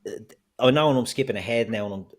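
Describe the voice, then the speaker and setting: A man's voice: medium pitch, fast. A man co-hosting a football podcast, ranting heatedly and swearing freely. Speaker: podcast co-host.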